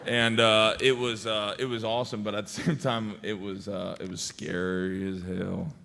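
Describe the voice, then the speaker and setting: An American man telling stories on a convention panel, animated and laughing, acting out quotes. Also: fairly low pitch, moderate pace, vocal fry. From United States. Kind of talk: casual storytelling. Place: large convention hall. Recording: echoey convention hall.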